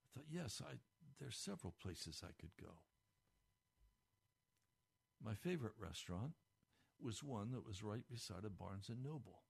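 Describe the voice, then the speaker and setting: A man giving a radio devotional, speaking fervently, his pitch climbing when moved, recorded in a radio studio. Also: expressive, measured pace, creaky, pauses often, husky. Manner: fervent, rising pitch with emotion. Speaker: radio preacher.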